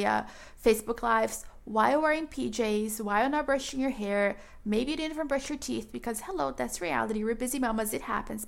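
Excited woman branding coach, fairly high voice. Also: vocal fry. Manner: enthusiastic, encouraging, addresses listener as mama. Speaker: branding coach and podcast host. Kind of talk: upbeat solo talk to listeners.

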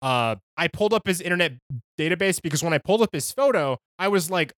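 A man co-hosting a podcast, chatting casually and cracking jokes as he spins his stories. His pitch swings widely up and down. The sound is dry and close, with no room echo. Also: quick pace. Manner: joking, animated storyteller with frequent laughs. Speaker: podcast co-host. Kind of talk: casual chat.

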